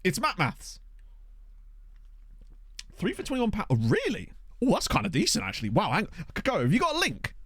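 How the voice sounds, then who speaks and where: A man's voice: sits high, wildly swooping pitch, normal speed, pauses often, fairly bright tone, slightly rough, no room sound, studio quality. A man chatting casually with his live-stream viewers and answering their messages in a playful, talkative way. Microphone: desk condenser mic.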